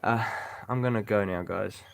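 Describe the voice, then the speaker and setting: A man's voice: on the low side, normal speed, creaky. Rambling man showing his car. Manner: rambling, self-correcting, pointing things out. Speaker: car repair vlogger. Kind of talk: casual walkaround vlog.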